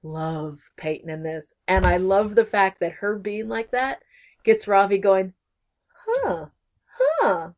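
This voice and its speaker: A Texan woman co-hosts a podcast, gushing in a bubbly way about a TV episode she's recapping and tossing in giggly asides. Her mid-range voice stays fairly even and runs a touch slow, and the audio sounds dull.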